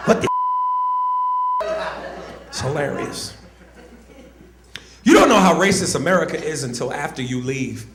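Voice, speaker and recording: A man doing stand-up comedy, loud and animated, often shouting. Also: a little high, moderate pace, pauses often. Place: comedy club stage. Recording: echoey club with crowd noise.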